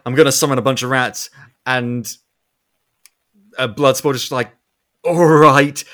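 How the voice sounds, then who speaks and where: A young man casually recapping a movie with a co-host, animated and swearing, acting out characters' lines. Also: fairly high pitch. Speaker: podcast co-host.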